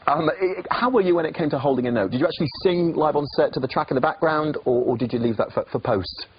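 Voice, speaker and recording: A man's voice: on the high side, fast, slight background noise. A man hosting a breakfast TV chat, jovial and teasing with his guest. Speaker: TV host. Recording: muffled TV broadcast, studio crowd.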